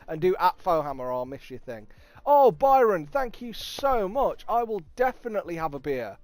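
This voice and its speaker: A man with a Nottingham accent chats away on his livestream, swearing freely and getting excited as he thanks viewers. His voice sits a little high and sounds smooth and crisp, recorded close and dry. Faint music plays underneath. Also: normal speed, no echo. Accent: Nottingham English. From England. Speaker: livestream host. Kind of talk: casual livestream chat reading viewer comments.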